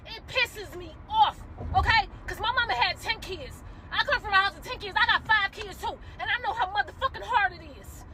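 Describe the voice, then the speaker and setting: A woman's voice: extremely high pitch, expressive, brisk, hardly any pauses, a loud crowd, heavy background noise. A woman giving an emotional, profane rant to camera from a car, heated and close to tears. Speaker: commentator reacting to a viral video.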